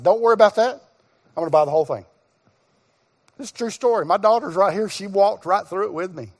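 A middle-aged male guest pastor preaching, telling a personal story with acted-out dialogue and sudden shouts. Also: high-pitched. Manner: animated storyteller, acts out dialogue, bursts into shouts. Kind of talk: sermon storytelling. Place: church sanctuary. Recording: long reverb of a church hall.

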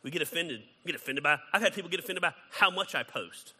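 A man preaching a sermon as pastor, conversational and animated, acting out quoted exchanges. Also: on the high side, quick pace, breathy edge, in a large hall.

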